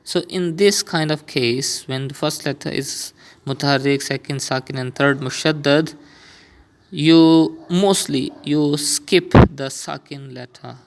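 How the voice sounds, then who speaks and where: Here the teacher's voice runs on the high side with some vocal fry. He guides beginners through Quran reading, explaining rules step by step and slowly, patiently repeating every sound.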